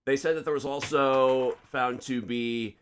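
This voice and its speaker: A man's voice: medium pitch, steady tone, a little slow, clear, resonant tone. A man hosting a casual true-crime podcast chat, rambling, swearing freely and correcting himself as he goes. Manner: rambling, profane, self-correcting. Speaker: podcast host.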